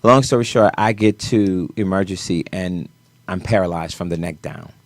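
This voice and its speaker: A man, a choreographer as a talk show guest, tells a personal story in an animated way, his voice swinging between quiet and loud. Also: deep voice, normal speed, no room sound.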